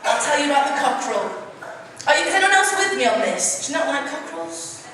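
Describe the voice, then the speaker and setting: A woman's voice: high voice, very animated, fast, bright, forceful tone. A woman introducing herself to an audience, bubbly and self-mocking, pulling the crowd in, recorded from far off in a large hall. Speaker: chorus leader and saxophonist. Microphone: camcorder far from the stage. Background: audience chatter and room noise.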